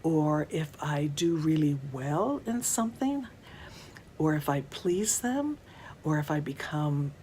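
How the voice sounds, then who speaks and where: A middle-aged woman who works as a mental health counselor, giving a conference talk in a gentle, measured way with unhurried pauses. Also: sits low, animated, a little hiss or hum.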